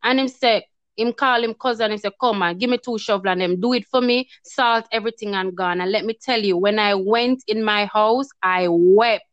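A woman's voice: mid-range voice, moderate pace, no echo. A woman tells a personal testimony in casual talk, acting out her own past words with feeling. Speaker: guest telling her story. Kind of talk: emotional testimony in casual chat. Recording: dull, lo-fi sound.

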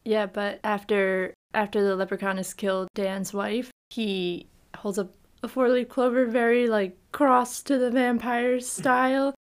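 Animated woman chatting in a film review. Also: a little high, measured pace, clear, resonant tone. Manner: animated, acts out quotes from scenes. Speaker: podcast co-host. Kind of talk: casual film review chat.

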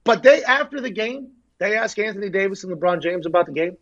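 Hyped up guy riffing on basketball, high voice, rambling and jokey, running on no sleep. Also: quick pace, muffled recording. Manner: excitable, rambling, joking. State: short on sleep. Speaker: sports show host. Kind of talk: casual sports talk.

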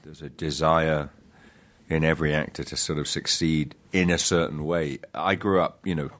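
A man, an actor guest, chatting in an interview with a halting, self-deprecating manner, full of restarts and laughs. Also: rumbling low, steady tone, fairly bright tone. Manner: laughs between thoughts. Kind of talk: casual interview chat.

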